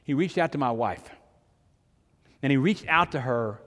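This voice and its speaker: A man's voice: mid-range voice, animated, moderate pace, fairly bright tone. Older man preaching in a hall. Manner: storytelling, conversational with sudden emphatic rises. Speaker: pastor. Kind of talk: sermon.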